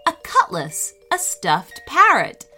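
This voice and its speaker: A woman narrating a children's storybook in a gentle, expressive and unhurried way. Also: high-pitched, breathy edge, faint music behind.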